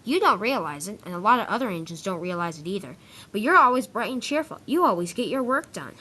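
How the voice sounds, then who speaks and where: A woman's voice: mid-range voice, sing-song, fast, bright, forceful tone. A woman voicing a kind, wise toy engine who reassures a friend. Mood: encouraging.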